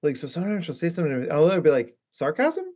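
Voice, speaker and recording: A man's voice: a little high, racing, warm tone. A man who is a therapist and podcast guest, chatting casually and rambling with many asides. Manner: rambling, lots of fillers and asides.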